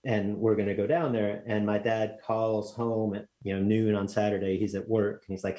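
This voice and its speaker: A man's voice: on the low side, level tone, moderate pace, dark tone, low-quality recording. A man from Texas, telling a rambling story as a guest in a casual chat, full of fillers and restarts.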